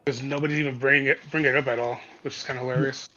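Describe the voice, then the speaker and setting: A man's voice: medium pitch, little pitch movement, racing, pushed and bright. A man co-hosting a casual wrestling podcast, making dry, wry remarks. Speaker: podcast co-host. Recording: dull lo-fi mic.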